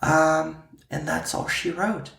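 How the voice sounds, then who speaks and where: A man's voice: fairly high pitch, steady tone, slow pace, vocal fry, a bit bright. A man from Pittsburgh co-hosting a podcast in a casual, playful chat full of ums and likes. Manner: playful, fillers like um and like. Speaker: podcast co-host. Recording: echoey room.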